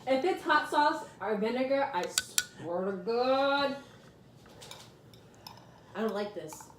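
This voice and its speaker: Teasing woman with a lively, high voice. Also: takes it slowly. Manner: teasing, blunt, laughs often. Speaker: vlogger. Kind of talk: casual chat. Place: home kitchen. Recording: echoey room with noise.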